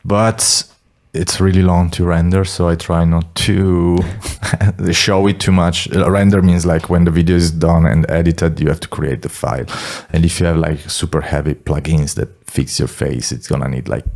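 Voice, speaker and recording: Low, gravelly Italian-accented man. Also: steady tone, moderate pace, a little mellow. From Italy. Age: 40s. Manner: meandering, self-deprecating, laughs often. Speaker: singer, interview guest. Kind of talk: casual chat.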